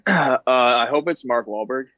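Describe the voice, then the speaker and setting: A man's voice: mid-range voice, animated, unhurried, bright, forceful tone, no echo, lo-fi sound. A man in his thirties, a guest on a podcast, talking in an easygoing, self-deprecating way. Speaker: guest ballplayer. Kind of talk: casual interview chat.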